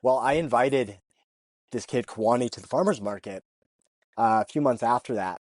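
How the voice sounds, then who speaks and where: A man tells farm stories in a relaxed, chatty way, slipping into quoted voices and laughing as he goes. He often restarts his words mid-sentence. His voice sits at an ordinary pitch, recorded close and dry. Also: normal speed, no echo. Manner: lively storyteller who acts out dialogue and laughs often; repeats and restarts words while telling a story. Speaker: urban chicken farmer, podcast guest. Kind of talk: casual storytelling interview.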